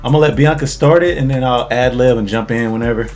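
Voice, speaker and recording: A man's voice: mid-range voice, quick pace, a little mellow, faint music behind. A man casually recapping an anime episode as host, laid-back and slangy, laughing as he tells it.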